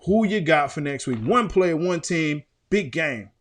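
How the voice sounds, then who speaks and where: A man co-hosting a casual sports talk show, animated and repeating himself, with big swings in pitch. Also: unhurried. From Houston, Texas. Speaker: co-host.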